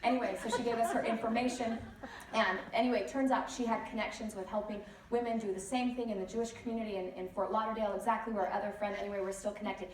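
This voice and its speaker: A woman speaker giving a lively motivational talk at a conference, telling stories with many chatty asides. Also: on the high side, fast talker. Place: large conference hall. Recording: echoey hall, distant mic, faint noise.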